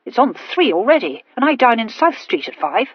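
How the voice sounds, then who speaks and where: A dry, matter-of-fact army captain, played by a woman narrator, speaks plainly. The tone is husky. The recording is dull and lo-fi, with no room sound. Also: on the high side, big pitch swings, fairly quick, dry recording, pitched above the performer's own voice.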